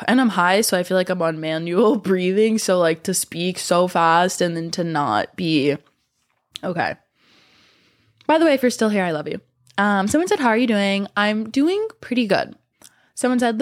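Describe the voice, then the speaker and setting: A woman's voice: medium pitch, lively intonation, normal speed. Young woman, vlogger, casual chat, profane, out of breath, sore throat. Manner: rambling, profane, emphatic.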